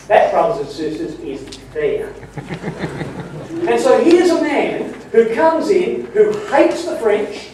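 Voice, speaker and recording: A fairly high-voiced man leads a Bible study for his congregation. He speaks with mellow emphasis and pushes key lines up for effect. He is heard from a distance in a very echoey hall, with a faint hiss behind him. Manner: emphatic, rising to punch key points.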